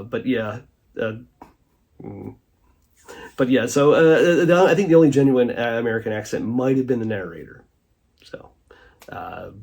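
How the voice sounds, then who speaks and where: A man hosting a casual commentary show, rambling with many fillers and restarts, often trailing off quietly at the end of a thought. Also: lowish voice, gravelly, slightly rough. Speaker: host reviewing a streaming documentary.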